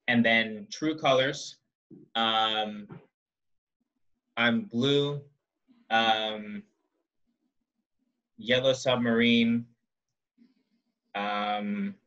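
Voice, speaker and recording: A man's voice: medium pitch, fairly even intonation, slow pace, long pauses, bright, forceful tone. A man pianist listing songs hesitantly with many ums, sitting back from a laptop on a video call. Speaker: pianist guest. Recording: distant, muffled laptop audio.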